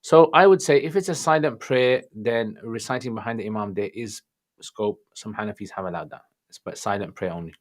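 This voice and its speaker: A man's voice: lowish voice, fairly quick. A man with a Birmingham accent hosting a casual livestream Q&A, reading out viewer questions and greeting people by name. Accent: Birmingham English. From England. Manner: chatty, greets viewers warmly by name, mixes in Arabic phrases. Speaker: livestream Q&A host answering religious questions.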